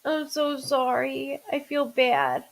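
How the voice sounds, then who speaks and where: A woman hosts a live stream, talking slowly and in a fairly high voice. She is choked up and stuffed up from crying. She apologizes and chats through the tears. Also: very animated, vocal fry, poor audio. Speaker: livestream host. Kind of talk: live-stream chat with viewers.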